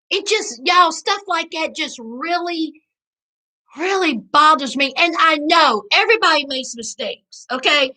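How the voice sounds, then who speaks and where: Woman hosting a live recap; bright, sharp tone, preachy and animated. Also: high voice, takes it slowly, pauses often. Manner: animated, preachy, Southern slang, addresses chat as y'all. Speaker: reality TV recap host. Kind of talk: live-stream commentary.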